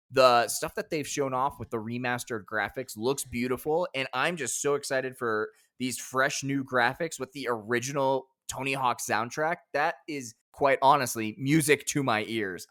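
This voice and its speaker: An enthusiastic man co-hosting a podcast in casual chat. His voice is bright and forward, pitched in a middle range, and he sounds excited and eager. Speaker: podcast co-host.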